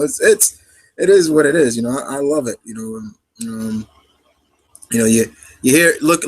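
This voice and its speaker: Speaking at a medium pitch, this man runs a live question-and-answer stream, chatting casually and rambling with many fillers and false starts. The recording is of poor quality.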